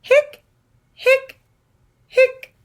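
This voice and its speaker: A woman voicing a small male skeleton who hiccups in high, squeaky bursts. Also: very slow. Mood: hiccuping.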